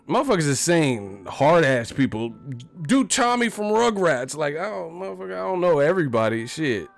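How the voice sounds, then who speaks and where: A man's voice: medium pitch, vocal fry. A man hosting a casual livestream as a boxer, rambling and profane and laughing often.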